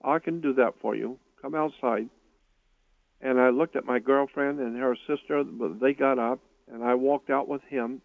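An older man telling a personal story in an interview, speaking earnestly with halting starts and repeated words. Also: mid-range voice, fairly even intonation, vocal fry, dry recording. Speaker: guest recounting a personal experience. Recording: tinny phone line, dry.

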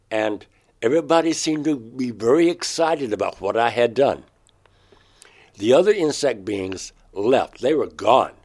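A man, a painter, recounting a strange personal experience in an interview, halting and restarting mid-phrase, his voice climbing sharply when he quotes himself. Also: on the low side, a little mellow.

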